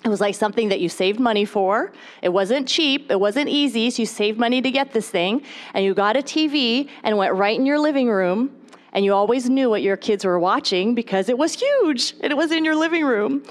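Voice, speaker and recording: A woman's voice: on the high side, brisk. Chatty woman speaking to a moms' group. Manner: chatty, animated, talks straight to the audience. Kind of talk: live talk to an audience. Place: stage at a podium.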